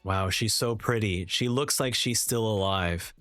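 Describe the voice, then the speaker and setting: A man's voice: lowish voice, measured pace, fairly bright tone, no echo, faint music behind. A young man reacting to an anime episode, reading the subtitles aloud and narrating each scene, often stopping to correct himself. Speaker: reaction streamer.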